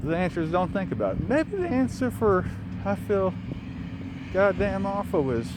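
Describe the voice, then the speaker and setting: A man's voice: sits high, sing-song, normal speed. A young man with a Southern accent, rambling and reflective as he walks down a city street, talking to a phone, swearing casually. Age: young adult. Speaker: vlogger. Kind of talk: casual walking vlog monologue. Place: outdoors on city streets, passing traffic. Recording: faint street and traffic noise.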